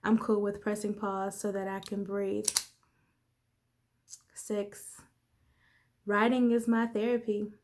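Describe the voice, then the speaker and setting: A woman's voice: medium pitch, little pitch movement, slow pace, long pauses, a little mellow, a little hiss or hum. Candid woman coach talking to viewers. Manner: candid, conversational, addresses viewers as y'all. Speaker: life coach. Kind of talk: casual motivational vlog talk.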